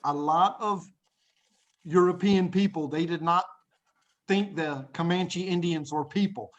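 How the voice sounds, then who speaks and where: An animated middle-aged male teacher telling a dramatic story to a class over a video call. His voice sits fairly high for a man, and he leans into the drama, often chuckling. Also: a little slow, lo-fi sound. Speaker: English teacher. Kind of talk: storytelling lesson to children.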